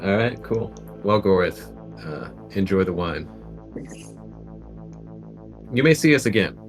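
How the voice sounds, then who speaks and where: Very low-voiced, hesitant game player. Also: male voice, very animated, unhurried, soft background music, rough recording. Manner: hesitant, full of ums and restarts. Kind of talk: casual tabletop role-play.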